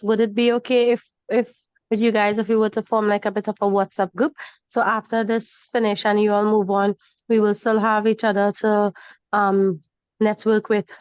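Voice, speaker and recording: A hoarse woman with a sore throat, attending a webinar and politely, tentatively asking a question over a video call. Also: medium pitch, no echo. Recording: dull dry call audio.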